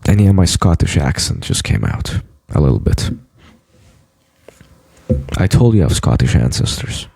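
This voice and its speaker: Gravelly low-voiced man, blunt. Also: big pitch swings, moderate pace, dark tone, dry recording. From United States. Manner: blunt, profane, boastful. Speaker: vlogger. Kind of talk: boastful monologue to camera.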